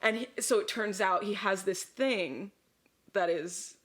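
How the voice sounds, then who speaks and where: A woman co-host talks loosely after a few drinks, her voice sitting at an ordinary middle pitch. She rambles through her story, stacking fillers and breaking into laughing asides. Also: measured pace. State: a little drunk. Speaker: podcast co-host. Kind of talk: casual chat retelling a story.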